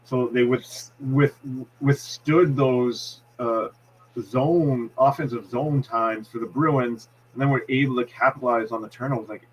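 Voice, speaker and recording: A man's voice: mid-range voice, steady tone, measured pace, low-quality recording. Boston-accented man breaking down hockey plays. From Massachusetts. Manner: analytical, explains plays step by step with many restarts. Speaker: hockey analyst.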